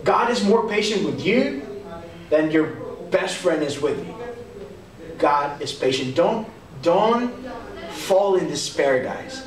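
A young man with a Texan accent giving an animated, conversational youth sermon and acting out quotes. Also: fairly high pitch, slow, pauses often, recorded from a distance, crowd noise. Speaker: youth pastor. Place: church hall. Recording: echoey hall, speaker off-mic. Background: audience answering now and then.

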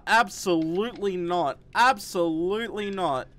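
A streamer giving live commentary on a horror game, jumpy and swearing, muttering low between shouted refusals. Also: animated, measured pace.

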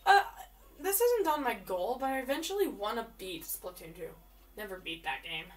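An excitable woman chatting through a game as she plays, often repeating words in quick bursts. Her voice is fairly high and swoops up and down a lot. She sits back from the mic, with faint game music underneath. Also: distant mic. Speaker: gamer. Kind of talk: live game commentary.

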